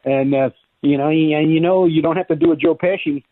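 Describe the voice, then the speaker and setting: A man who works as a voice actor, chatting in a radio interview and breaking into quick character voices. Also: a little high, no echo. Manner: animated, drops into voices and impressions. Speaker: voice actor guest. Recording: tinny phone-line sound.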